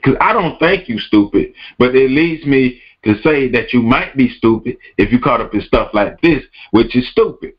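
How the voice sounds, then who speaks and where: A man's voice: mid-range voice, lively intonation, normal speed, hardly any pauses, slightly rough. Man ranting on a lo-fi podcast. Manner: emphatic, repeats words and phrases, calls the listener "bruh". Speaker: podcast host. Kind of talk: podcast rant.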